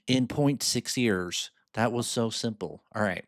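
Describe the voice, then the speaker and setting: Male finance mentor, mid-pitched, dry close sound, upbeat tutorial read that repeats numbers and checks in. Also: moderate pace, hardly any pauses, dry recording. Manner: upbeat, reads numbers aloud twice and checks in with "right?". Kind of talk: screen-share spreadsheet tutorial.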